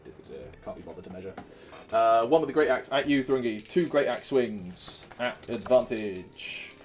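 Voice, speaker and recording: A man's voice: medium pitch, moderate pace, darkish tone, faint music behind. A man from Wales with a Welsh accent, narrating as dungeon master, counting dice aloud and humming filler sounds. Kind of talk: narrating a tabletop game.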